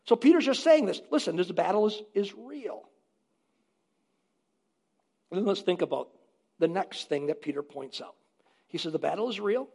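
A man with a strikingly high voice preaching to his congregation. He is emphatic and drives points home by repeating short phrases. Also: lively intonation, normal speed, gravelly, pauses often, darkish tone, breathy edge. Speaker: pastor. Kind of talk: sermon.

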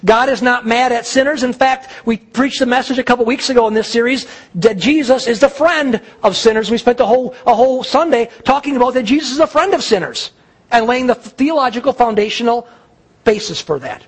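A male pastor delivering a sermon, preaching emphatically with dramatic pauses and repetition. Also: high voice, husky.

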